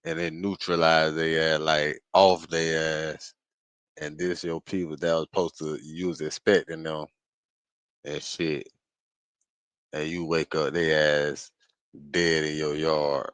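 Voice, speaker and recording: Deep-voiced man ranting with profanity. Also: flat delivery, slow, smooth, no room sound. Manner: profane, builds to loud rants. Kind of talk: casual chat.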